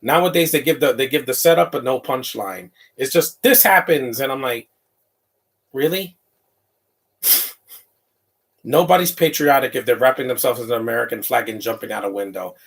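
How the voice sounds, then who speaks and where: A man giving a casual live commentary over a comedy film, rambling through asides, laughing often and reacting loudly to what is on screen. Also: brisk, vocal fry. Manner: reacts loudly to the film, quoting lines in a high voice.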